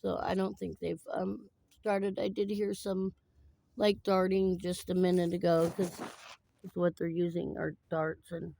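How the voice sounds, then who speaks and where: A woman talking in a personal vlog, tearful after crying, rambling and halting with many fillers. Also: fairly low pitch, level tone, vocal fry, dark tone, a little hiss or hum.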